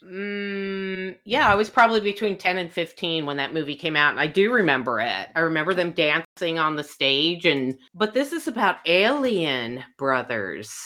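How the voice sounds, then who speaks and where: A woman's voice: lowish voice, lively intonation, normal speed, few pauses, sharp tone. An older American woman, podcast co-host, chatting casually and teasing her friends. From United States. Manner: playful, teasing. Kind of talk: casual chat.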